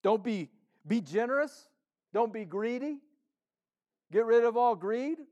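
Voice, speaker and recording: A male pastor preaching a sermon in a conversational, playful way, acting out the congregation's thoughts and swinging between loud emphasis and soft asides. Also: very high voice, lively intonation, a little slow, dull audio.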